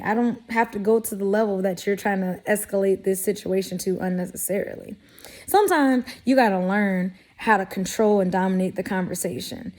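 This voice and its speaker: A woman's voice: medium pitch, a little mellow. A woman talking straight to camera in a sassy, blunt way, giving life advice and acting out mock quotes. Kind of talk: casual direct-to-camera talk.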